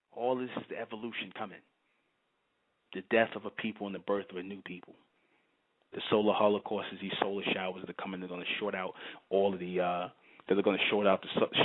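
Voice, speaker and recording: A man hosting his own channel, delivering an emphatic, repetitive solo monologue and often asking his listeners if they understand. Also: low-pitched. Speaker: channel host. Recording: tinny phone-like sound.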